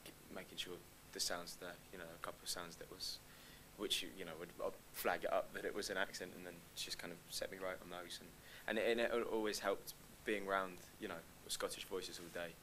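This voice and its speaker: Deep-voiced young man, quick. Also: level tone, pushed and bright, a little hiss or hum, rough recording. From London. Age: young adult. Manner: hesitant, restarts often, laughs lightly. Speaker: actor guest. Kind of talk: live Q&A conversation. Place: live stage event.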